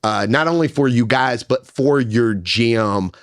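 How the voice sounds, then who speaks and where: A man hosting a casual interview, relaxed and giving short agreeing replies. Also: mid-range voice, a little slow, no echo, clean studio sound.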